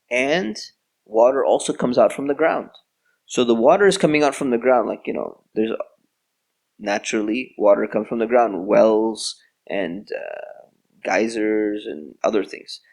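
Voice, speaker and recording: A man giving a storytelling religious lecture in a conversational, casual way. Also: medium pitch. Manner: conversational, relaxed with casual fillers. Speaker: Islamic lecturer.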